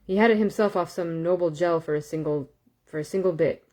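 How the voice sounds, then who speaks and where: A woman's voice: on the low side, fairly quick, mellow, natural voice. A woman voicing a sly young man in disguise, talking in a persuasive, wheedling patter in a storybook reading.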